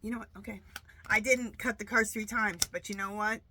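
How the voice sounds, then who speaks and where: A woman's voice: mid-range voice, fairly even intonation, fairly quick, sharp tone, slight background noise. Chatty woman tarot reader, stuffy nose. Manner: chatty, rambling, many restarts. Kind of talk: casual monologue to camera.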